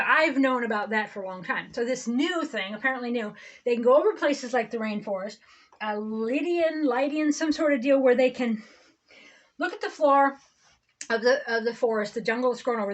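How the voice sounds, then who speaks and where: A woman with a high voice talks through a loose spiritual monologue. Her tone runs sarcastic, and she wanders off on tangents, stopping and restarting her thoughts as she goes. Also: low-quality recording. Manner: sarcastic, digressive, self-interrupting. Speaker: reverend, online host.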